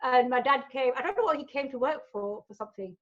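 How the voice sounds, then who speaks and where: A woman's voice: sits high, fast talker. A woman in her forties, with family from Gujarat, telling stories bluntly as a guest in a casual interview and acting out what people said. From family from Gujarat, India. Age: 40s. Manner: blunt, animated storyteller, acts out quotes. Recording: dull lo-fi recording.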